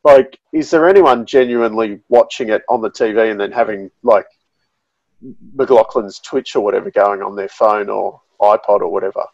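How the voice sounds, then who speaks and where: A man chatting as a podcast guest over a call, relaxed and hedging with fillers. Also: fairly low pitch, normal speed, dry recording, dull audio. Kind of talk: casual chat. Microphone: video call.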